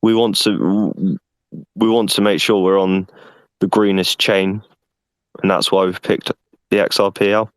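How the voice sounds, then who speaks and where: A man with a fairly low voice answers questions earnestly, often doubling his words as he works out his point. The sound is dry and close. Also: fairly even intonation, unhurried, pauses often, dry recording. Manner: earnest, repeats words while thinking, says "mate". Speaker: guest representing a project. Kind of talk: casual answers on an online call. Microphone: online voice call.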